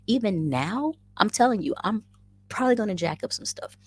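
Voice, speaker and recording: A woman in her forties casually telling a story as a vlogger, animated and self-mocking. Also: fairly low pitch, fairly quick. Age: 40s. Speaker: vlogger and rabbit farmer.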